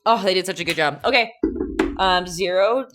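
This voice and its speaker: Brief: young woman, low voice, playful live-stream painting teacher, chatty with her viewers. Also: moderate pace, fairly bright tone, faint music behind. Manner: chatty and playful, reads out chat, giggles often.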